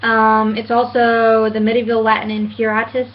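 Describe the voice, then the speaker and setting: A woman in her late twenties rants to camera from home about being misunderstood, earnest and halting, with many fillers and restarts. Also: fairly high pitch, fairly even intonation, dull audio, a little hiss or hum. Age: 20s. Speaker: vlogger. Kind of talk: casual rant to camera.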